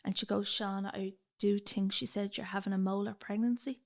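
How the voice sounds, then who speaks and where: Chatty Dublin woman, flat tone. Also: medium pitch, brisk. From Ireland. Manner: chatty, retells dialogue, fillers like "like". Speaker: guest. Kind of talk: personal storytelling in a podcast interview.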